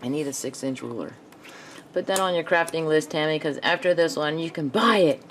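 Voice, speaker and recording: Low-voiced woman thinking aloud while crafting. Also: fairly quick, slight background noise. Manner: thinks aloud while working, self-talk. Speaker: craft video host. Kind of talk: casual craft tutorial narration.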